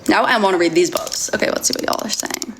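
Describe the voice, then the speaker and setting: A woman's voice: mid-range voice, quick pace, background noise. A woman reading a novel aloud on a casual livestream, stumbling now and then and chatting with viewers.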